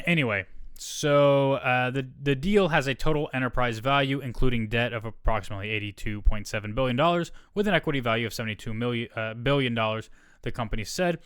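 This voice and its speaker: Smooth-voiced man hosting a casual podcast. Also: medium pitch, a bit bright, no echo, clean studio sound. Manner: rambling, self-correcting, reading an article aloud. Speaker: solo podcast host. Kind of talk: casual solo podcast talk.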